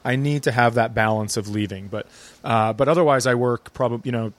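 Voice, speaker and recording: A man's voice: mid-range voice, a little fast, no echo. Wry laid-back man from Minnesota. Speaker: guest comedian. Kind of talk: casual chat.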